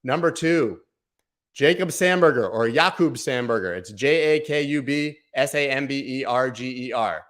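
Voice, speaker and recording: A man hosting a casual livestream giveaway, chatty and playful, now and then slipping into a booming sports-announcer voice. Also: animated, normal speed, a bit bright. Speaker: livestream host.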